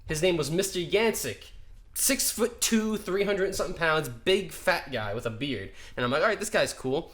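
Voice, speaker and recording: A young man telling a school story on a casual podcast, animated and laughing as he acts out the people in it. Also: a little high, normal speed. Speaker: podcast co-host.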